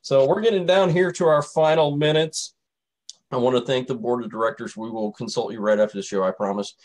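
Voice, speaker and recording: A man's voice: mid-range voice, fairly even intonation, a little fast, rough recording. A male host of a casual talk radio show, talking loosely with many fillers as he wraps up. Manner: rambling, loose, lots of fillers.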